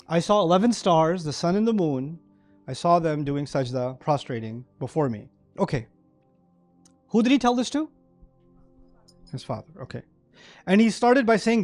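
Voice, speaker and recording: A man giving a sermon-style lecture to a live audience, animated and often checking in with listeners. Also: high-pitched, fairly quick, faint music behind. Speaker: Islamic speaker.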